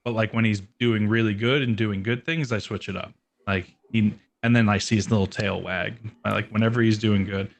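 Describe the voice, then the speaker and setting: A young man with a lowish voice talks in a loose, rambling way, full of fillers. He keeps it casual and easygoing, laughing often as he chats. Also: fairly even intonation, brisk, gravelly. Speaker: guest, metal band musician and dog owner. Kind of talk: casual podcast chat.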